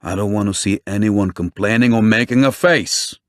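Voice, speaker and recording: A man's voice: fairly low pitch, normal speed, a bit bright, no room sound, clean studio sound, close to an everyday voice. A man voicing a commanding, middle-aged police chief who barks orders to his men. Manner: bossy, authoritative.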